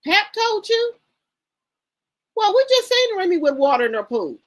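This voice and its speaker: Host: woman, AAVE speech, high and sing-song voice. Sassy, indignant gossip commentary, repeats for emphasis. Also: very animated, moderate pace. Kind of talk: casual commentary reading posts aloud.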